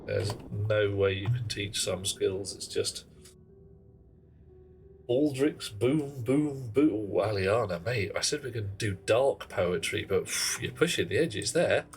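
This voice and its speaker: A man's voice: lowish voice, steady tone, normal speed, creaky, few pauses, slight background noise. Wry man streaming. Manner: wry, theatrical, chatty. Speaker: game streamer. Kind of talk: casual live-stream chat.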